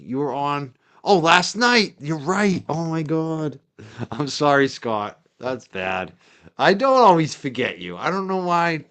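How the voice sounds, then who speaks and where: In a mid-range, slightly bright voice, a livestream host from Massachusetts' North Shore, with the accent to match, rambles chattily through a casual stream, leaning on plenty of fillers.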